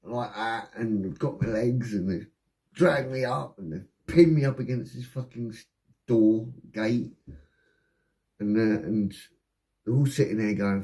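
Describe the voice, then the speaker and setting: A man with an English accent, casually telling a rowdy personal story, swearing often and acting out the voices of the people in it. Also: medium pitch. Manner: swearing, rapid and animated anecdote telling with acted-out voices.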